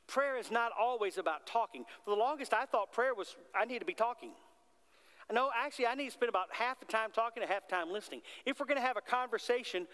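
A male pastor with a high, fairly bright voice preaches a sermon in a reverberant hall. His manner is conversational, and he poses questions to the congregation.

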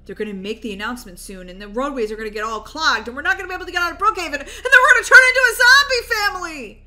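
A woman's voice: mid-range voice, quick pace, sharp tone, natural voice. A woman voicing an anxious middle-aged dad who rambles and stammers when alarmed, over faint background noise. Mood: worried.

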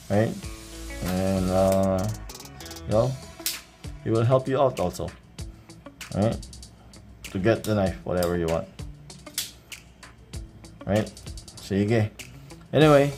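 A Filipino-accented man with a fairly low voice talks through an unboxing at an unhurried pace. He keeps it casual and easygoing, checking in with his viewers with a questioning "right?" as he shows off each detail. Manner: relaxed show-and-tell, often adds a questioning "right?". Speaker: knife reviewer.

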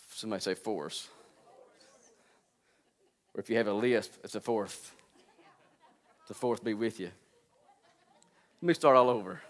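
A man in his forties preaching to his congregation with a voice of ordinary pitch for a man. He drops into quiet, low asides, then rises into loud, high bursts of preaching. He teases his listeners and calls out to them as he goes. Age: 40s. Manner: joking and calling out to the congregation. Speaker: pastor. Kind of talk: sermon.

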